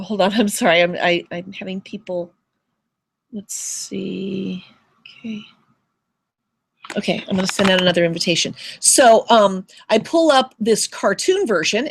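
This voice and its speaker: A woman's voice: mid-range voice, slight background noise. A woman teacher hosting a video call chat, telling a story and acting out the voices in it. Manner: animated storyteller, acts out voices. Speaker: teacher and show host.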